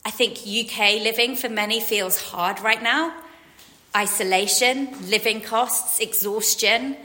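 A woman's voice: a little high, fairly even intonation, unhurried, bright, forceful tone. A woman in her forties giving a chatty, self-deprecating sermon, acting out quotes. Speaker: preacher. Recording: hall reverb.

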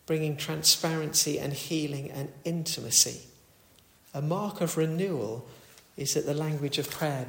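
A man delivering a sermon, talking conversationally with the odd filler and restart. His voice sits a little high for a man. The church around him makes the sound roomy and echoey. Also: vocal fry, fairly bright tone. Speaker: preacher.

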